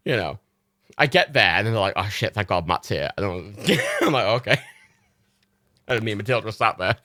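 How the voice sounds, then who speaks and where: A man's voice: on the low side, wildly swooping pitch, normal speed, pauses often, sharp tone, no room sound, clean studio sound. A man hosting a livestream, a little tipsy, rambling casually with lots of laughter and swearing. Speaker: livestream host. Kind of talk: casual chat.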